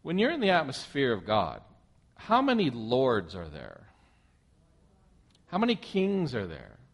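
A man's voice: medium pitch, a little slow. A man preaching a sermon, reading a scripture passage aloud and breaking off to comment on it and put questions to his listeners. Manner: animated, asks the listeners questions.

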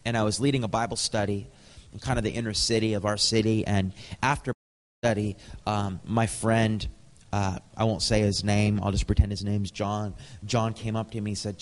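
A man from Canada preaching a sermon, telling stories with lively, animated quoted dialogue. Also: on the low side, fairly quick, big-room sound.

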